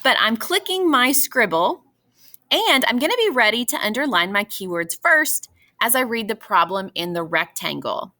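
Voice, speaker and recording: A woman's voice: a little high, big pitch swings, moderate pace, sharp tone. A woman teacher talking students through a math example, patient and encouraging. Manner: patient, encouraging, addresses students as boys and girls. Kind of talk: classroom math lesson walkthrough.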